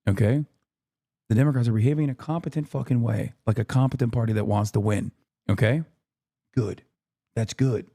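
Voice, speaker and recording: A man's voice: medium pitch, brisk, pauses often, mellow, dry recording, studio quality. A man in his thirties ranting at his live-stream chat, profane and exasperated, keeping his voice down so as not to wake a neighbor. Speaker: streamer reacting to a speech. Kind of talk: heated live-stream commentary.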